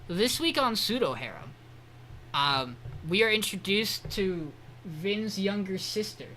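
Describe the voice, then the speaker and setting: A man's voice: high voice, lively intonation, unhurried, pushed and bright, slight background noise. A man co-hosting a podcast, recapping an episode in a rambling, swearing, casual way. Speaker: podcast co-host.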